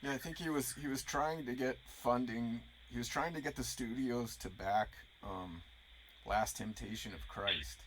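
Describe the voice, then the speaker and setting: A man's voice: mid-range voice, moderate pace, fairly bright tone, slight background noise, rough recording. A man hosting an interview, asking questions and putting in brief remarks. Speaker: host. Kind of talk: conversational interview.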